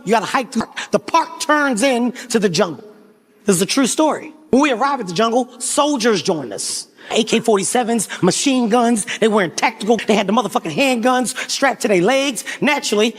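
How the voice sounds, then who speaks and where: High-pitched, animated male comedian. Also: in a large hall. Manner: animated, profane, often shouting. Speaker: stand-up comedian. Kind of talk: stand-up storytelling. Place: comedy stage before an audience.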